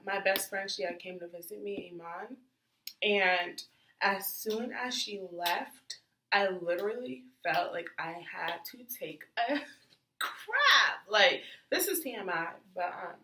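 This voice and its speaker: A young woman telling a casual storytime in a chatty, animated way with lots of fillers and acted-out reactions. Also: fairly low pitch, roomy sound, poor audio. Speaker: vlogger.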